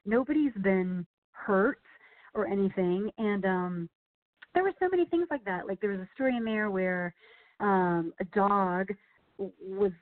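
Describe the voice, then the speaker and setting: A woman's voice: mid-range voice, unhurried. Chatty woman author on a phone line. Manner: animated storyteller, many fillers like "you know" and "like". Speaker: author and guest. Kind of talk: casual interview chat. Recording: phone-like narrow band.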